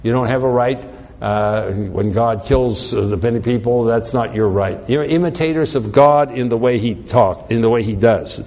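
A man preaching a sermon, emphatic and slowing down to read scripture aloud. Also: medium pitch, darkish tone, in a large hall. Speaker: pastor.

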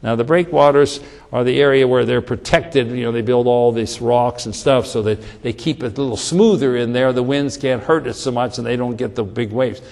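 A man preaching a sermon in an animated way, with restarts and repetition. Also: mid-range voice, normal speed, vocal fry.

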